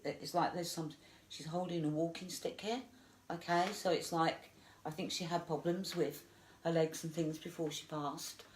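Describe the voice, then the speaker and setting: A woman medium giving a live psychic reading, gentle and reassuring, halting with many fillers. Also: low-pitched, level tone, a little hiss or hum. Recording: echoey room.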